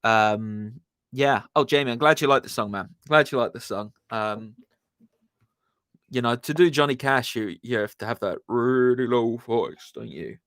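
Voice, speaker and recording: A man's voice: mid-range voice, a little slow, fairly bright tone, dry recording. A man hosting a music live stream, chatting casually with viewers in a laid-back, rambling way and greeting them by name.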